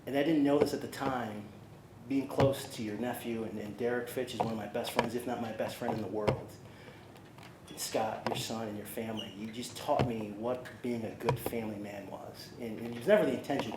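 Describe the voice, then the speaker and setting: A middle-aged man speaks at a podium, earnest and halting, stumbling over fillers and restarts. His voice rings through a large, echoey conference hall. Loud steady noise sits under the whole recording. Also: medium pitch. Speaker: new athletics director. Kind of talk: emotional press conference speech.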